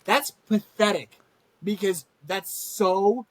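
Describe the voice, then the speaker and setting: A woman's voice: mid-range voice, lively intonation, unhurried, dry recording, rough recording. A woman co-hosting a casual show recap, ranting heatedly, swearing a lot and laughing often. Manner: acts out characters' lines in a mocking tone. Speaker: podcast co-host.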